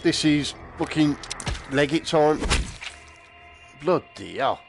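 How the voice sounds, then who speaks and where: A man talks casually as he plays a game, chatting and laughing with frequent swearing. His voice sits at an ordinary middle pitch. Loud game music plays under everything he says. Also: normal speed. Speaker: game streamer. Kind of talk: casual chat while playing a VR game.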